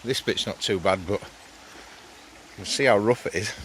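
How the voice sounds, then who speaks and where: A man's voice: on the low side, a little slow, fairly bright tone, a little hiss or hum. A man in his fifties with a Yorkshire accent, chatting casually and a bit out of breath while walking his dog in hilly countryside. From England. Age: 50s. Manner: chatty, rambling, swears casually.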